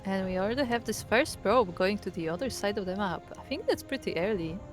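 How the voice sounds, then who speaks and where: A woman's voice: medium pitch, brisk, soft background music. A woman casting a live esports match, casual and chatty, often saying "like". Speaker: esports caster. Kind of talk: live game commentary.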